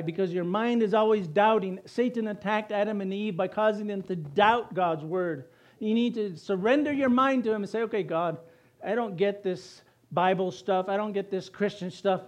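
A man's voice: high voice, a little mellow. A pastor preaching a sermon to his congregation, asking questions and answering them himself.

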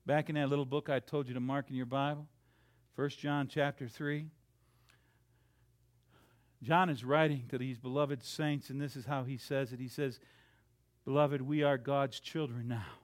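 A man preaching a sermon, swinging from loud, dramatic lines to hushed ones and acting out the quotes he reads. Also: mid-range voice, steady tone, moderate pace, long pauses.

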